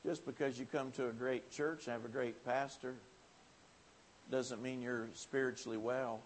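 A man preaching a folksy revival sermon in a church, swinging from quiet asides to loud, lifted appeals. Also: mid-range voice, steady tone, normal speed, a little hiss or hum.

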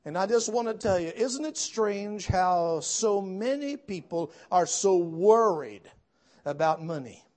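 A man preaching a sermon, telling folksy stories with asides to the congregation and building to loud, emphatic peaks. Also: high-pitched, lively intonation, measured pace. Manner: storytelling, swells to shouts at climaxes.

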